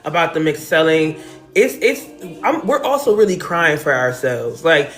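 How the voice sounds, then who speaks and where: A woman's voice: low voice, very animated, moderate pace, soft background music. A woman from New Jersey hosting a casual live stream from home, talking emotionally and directly to her viewers. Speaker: livestream host. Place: at home, decorated with balloons and pictures.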